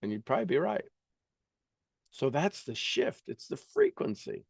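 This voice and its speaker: A man's voice: fairly high pitch, wildly swooping pitch, moderate pace, gravelly, long pauses, dry recording, clean studio sound. A man reading a self-help book aloud and breaking off into emphatic, preachy asides and questions to his listeners. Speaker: motivational book reader and coach.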